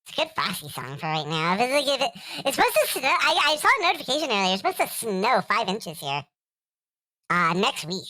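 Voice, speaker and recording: A woman's voice: fairly high pitch, sing-song, fairly quick, bright, forceful tone. A young adult woman chatting casually on a stream. She rambles, laughs often, and hums along to music.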